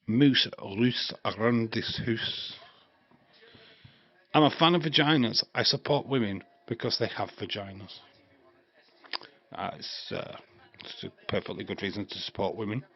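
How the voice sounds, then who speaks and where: A man's voice: lowish voice, normal speed, breathy edge, no room sound. A man, hosting a live stream with crude jokes, rambling chat and frequent laughter. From England. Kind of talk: casual live watch-along chat. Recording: dry, slightly dull stream mic.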